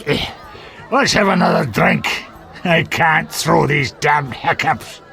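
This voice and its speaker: A man's voice: medium pitch, expressive, measured pace, over music, a crowd in the background. A man voicing a blunt, coarse male dwarf drinking companion in a video game. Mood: tipsy. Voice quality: gravelly.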